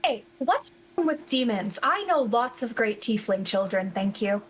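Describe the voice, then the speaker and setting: A man putting on a high, indignant voice for a tabletop party member. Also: big pitch swings, unhurried, fairly bright tone, a little hiss or hum, exaggerated voice. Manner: huffy and offended.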